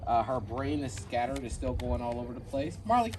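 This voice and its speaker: A man working as a dog trainer, talking through a casual training demonstration step by step and often checking in with a quick "right?" He is recorded outdoors. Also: fairly even intonation, a little mellow. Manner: switches to a high squeaky praise voice for the dog. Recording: distant mic with background noise.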